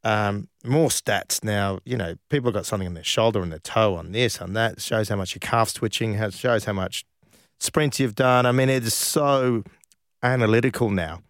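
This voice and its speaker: Brief: chatty ex-footballer, lowish pitch, dry close recording, easygoing storyteller. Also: male voice, normal speed, no room sound. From Australia. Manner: chatty, laughs while telling stories. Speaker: former professional footballer, guest. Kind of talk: casual interview storytelling.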